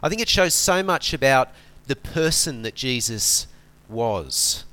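Relaxed, chatty male preacher. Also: medium pitch, unhurried. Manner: relaxed, chatty, asks the listeners rhetorical questions. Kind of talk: conversational sermon.

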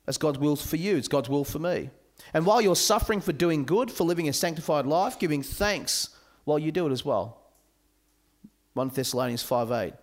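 Casting: male camp speaker, bright voice, swooping delivery, joking sermon to youths. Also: fairly high pitch, normal speed. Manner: animated, joking with a youth audience.

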